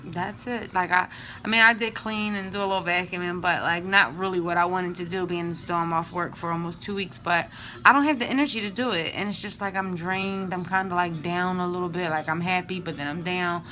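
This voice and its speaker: A young adult woman talking straight to the camera in a chatty, candid way, her voice on the low side for a woman but bright and forceful. She sounds drained and low on energy, yet keeps talking openly about how she feels. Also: fairly even intonation, fairly quick. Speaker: vlogger sharing IVF updates. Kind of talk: casual vlog.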